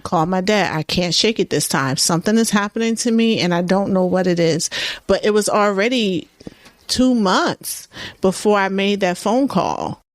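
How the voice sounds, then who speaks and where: A woman's voice: medium pitch, normal speed. A middle-aged woman hosting a casual chat, telling her own story in an earnest way.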